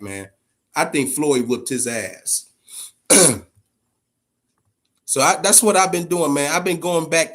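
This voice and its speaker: A man hosting a boxing channel in casual live-stream talk, animated and profane, dropping "man" at the end of nearly every phrase. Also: medium pitch.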